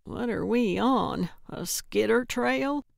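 A cranky, blunt old woman detective, played by a woman reading a storybook. She talks slowly and snaps back with dry grumpiness, in a close, dry recording. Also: fairly high pitch, creaky, dry recording, exaggerated voice. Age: older. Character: feisty older woman amateur sleuth, blunt and cranky. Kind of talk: audiobook character voice.

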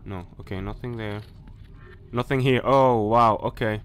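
A man's voice: on the low side, moderate pace. A man commentating a horror game playthrough, jumpy and nervous, talking himself through scares and speaking directly to viewers and game characters. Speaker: gaming YouTuber.

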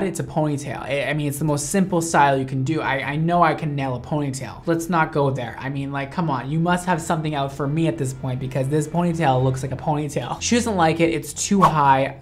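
A young man, a hairstylist, telling a storytime with dramatic, sassy asides. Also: on the high side. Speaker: hairstylist and channel host. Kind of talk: animated storytime narration.

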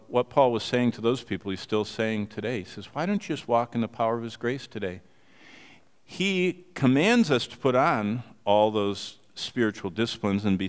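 A man preaching a sermon, telling a story with animated emphasis. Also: on the low side, clear, resonant tone, in a large hall. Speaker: pastor.

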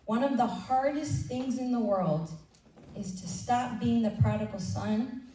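A woman leading a women's ministry breakfast, preaching in a conversational, animated way and acting out little asides. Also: fairly high pitch, a little slow. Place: church event room. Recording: roomy hall sound from a distant mic with faint noise.

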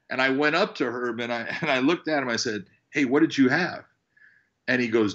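A man, a fight referee and podcast guest, telling stories in a lively way and acting out what people said. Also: medium pitch, normal speed. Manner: animated storyteller acting out quotes. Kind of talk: casual podcast chat. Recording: dull lo-fi audio.

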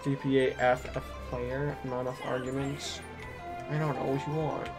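Excitable man streaming gameplay over music. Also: medium pitch, normal speed. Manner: chatty, excitable, muttering to himself and chat. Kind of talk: live gameplay commentary.

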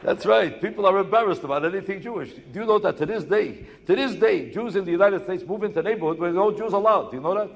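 Insistent stand-up comedian in a hall. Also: male voice, sits high, creaky, some chatter behind, a little hiss or hum. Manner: rapid, insistent, rhetorical questions and repetition. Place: stage in a hall before a live audience. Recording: echoey hall, live show.

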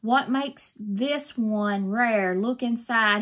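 A woman's voice: fairly high pitch, unhurried, fairly bright tone. An older woman, chatting effusively to her viewers while opening mail in a casual vlog. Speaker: craft vlogger.

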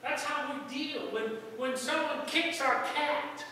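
A man preaching a sermon as pastor, in a folksy storytelling way that jumps into loud outbursts. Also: very high-pitched, slow, a little hiss or hum. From United States. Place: church sanctuary. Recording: echoey hall from far off.

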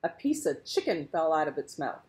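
A woman reading a children's picture book aloud, expressive and measured. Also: low voice. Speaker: storyteller.

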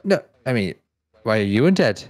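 A man's voice: medium pitch, very animated, normal speed. A man playing in a tabletop game, speaking casually with hesitant, stammering restarts. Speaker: player.

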